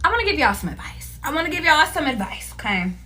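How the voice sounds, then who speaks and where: A woman giving a casual tarot reading to her viewers, animated, laughing often and cursing freely. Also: sits high, quick pace, slight background noise. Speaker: tarot reader.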